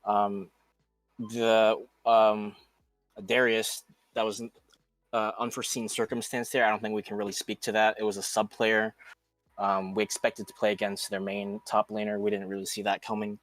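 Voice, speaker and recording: A low-voiced man talks through a lost match in a frank, rambling way, full of fillers. His headset voice is dry and close, with faint music underneath. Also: flat delivery, normal speed, fairly bright tone, dry recording. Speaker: esports team player. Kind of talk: post-game interview, casual.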